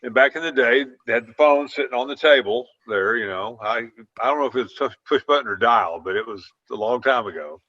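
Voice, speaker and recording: Over a video call, an older man who once played football spins long, folksy anecdotes in casual conversation, drawing them out and quoting dialogue. His medium-pitched voice is bright and forceful with lively intonation, though the lo-fi recording sounds dull.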